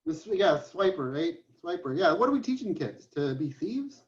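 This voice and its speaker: High-voiced joking math professor on a call. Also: male voice, very animated, normal speed, a little hiss or hum. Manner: joking, storytelling, chatty with restarts. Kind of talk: online class lecture. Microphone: computer mic on a video call. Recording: dull lo-fi online class audio.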